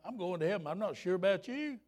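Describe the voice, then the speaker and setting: A man in his fifties preaching a fervent, folksy revival sermon, rising at times to shouts. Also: high voice, animated, fast.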